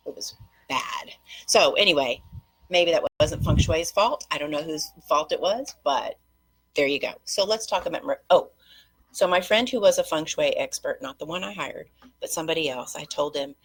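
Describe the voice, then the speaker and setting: Gravelly low-voiced woman chatting rambly. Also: fairly bright tone, low-quality recording. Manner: chatty and rambling, quick-talking with tangents. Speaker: host. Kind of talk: casual monologue to viewers.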